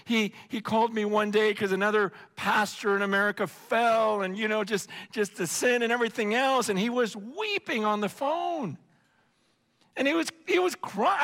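A man preaching a sermon with passion, swinging between shouting and hushed tones. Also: high voice. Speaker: pastor. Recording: long hall reverb.

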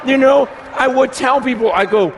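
A middle-aged man preaching a sermon as pastor, animated, swinging from soft asides to shouting. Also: very high voice, moderate pace, some chatter behind, a little hiss or hum.

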